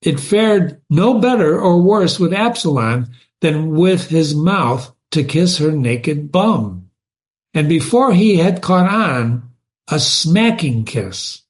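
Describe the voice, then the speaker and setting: Slow, high-voiced male poetry reader. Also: expressive. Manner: slow, explaining asides to listeners. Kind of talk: reading a poem aloud with asides.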